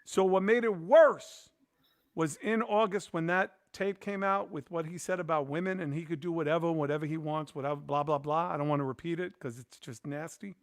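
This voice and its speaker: Guy hosting a podcast, telling a story, does everyone's voices, bit high voice, dry close mic. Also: fairly quick, dry recording. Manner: animated, acts out quoted voices. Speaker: podcast host. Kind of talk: casual storytelling chat.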